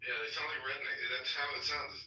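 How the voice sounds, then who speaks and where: A man's voice: fairly high pitch, little pitch movement, fast, crowd noise. A man talking in a laid-back, hesitant way in a casual audio chat. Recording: roomy, distant app audio.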